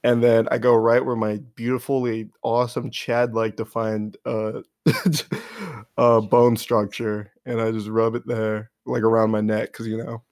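A man with a gravelly edge to his mid-pitched voice, co-hosting a podcast in loose, joking banter. He rambles and laughs through his stories. The sound is close and dry. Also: monotone, unhurried, a little mellow, no room sound. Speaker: podcast co-host. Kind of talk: casual chat.

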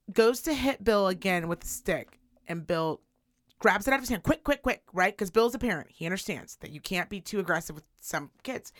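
Woman co-host, mid pitch, dry close mic, swearing storyteller who acts out her quotes. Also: fairly bright tone, no echo. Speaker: podcast co-host. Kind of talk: casual storytelling chat.

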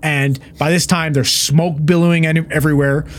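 Swearing paramedic telling a story. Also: male voice, a little high, brisk. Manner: profane, animated storyteller who acts out what people said. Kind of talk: casual storytelling chat.

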